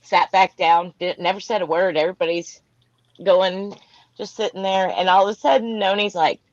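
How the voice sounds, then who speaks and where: A woman's voice: on the low side, fairly even intonation, moderate pace, no room sound, highs cut off. A woman from Florida, hosting a casual live chat, telling stories and laughing often. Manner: chatty storyteller, laughs often.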